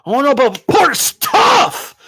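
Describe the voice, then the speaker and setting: A man's voice: extremely high pitch, wildly swooping pitch, slow pace, pushed and bright, no echo, voice pushed up, heavily acted. A man putting on the voice of a doubting male boxing fan in a mocking, whiny, protesting tone.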